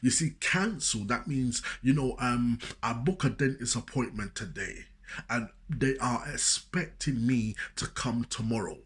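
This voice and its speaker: A man speaks casually and preachily to the camera in a spoken monologue, rambling, repeating himself, and often saying "you know what I'm saying." He's a motivational speaker, emphatic in delivery, with a mid-range, slightly rough, somewhat bright voice at a measured pace.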